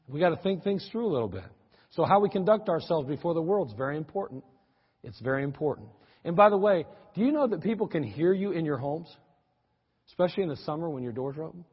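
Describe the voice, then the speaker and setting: A middle-aged man preaching in a folksy, animated way, breaking into teasing asides. His voice sits fairly high and swings widely, with a husky edge. The sound is dull and lo-fi, with a long reverb tail from a large hall. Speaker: pastor. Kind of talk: sermon.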